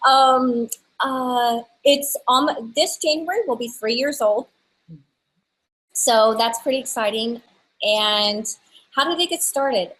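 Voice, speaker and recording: A woman's voice: fairly high pitch, slow, a bit bright, rough recording. A woman in her thirties chatting casually as an interview guest, telling a story with lots of restarts. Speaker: guest, stamp designer.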